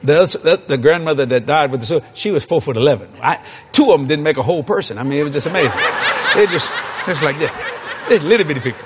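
A man's voice: on the high side, lively intonation, quick pace. A man preaching a sermon, telling folksy stories in an emphatic way.

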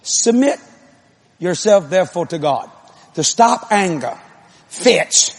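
Husky high-voiced preacher, rising to shouts. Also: male voice, lively intonation, slow pace. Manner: builds from conversational to shouted emphatic preaching, jokes with congregation. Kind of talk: sermon.

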